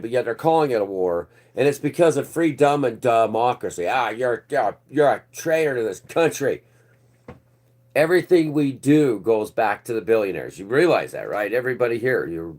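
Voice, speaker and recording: A man's voice: mid-range voice, darkish tone. A man hosting his own online news channel, ranting casually and sarcastically, rambling and swearing freely.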